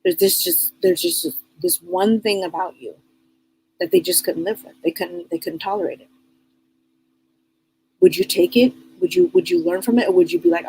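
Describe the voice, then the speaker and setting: A woman's voice: fairly low pitch, sing-song, moderate pace, vocal fry, a little mellow, slightly rough, low-quality recording. A middle-aged woman hosting a live psychic advice stream, talking bluntly and casually, repeating herself and firing off rhetorical questions. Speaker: psychic reader and show host.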